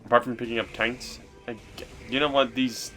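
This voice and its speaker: A man's voice: medium pitch, level tone, fairly quick, music in the background. A young man co-hosting a video game let's play, joking around and rambling with many restarts. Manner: jokey, rambling with repeated restarts. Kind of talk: casual gameplay chat.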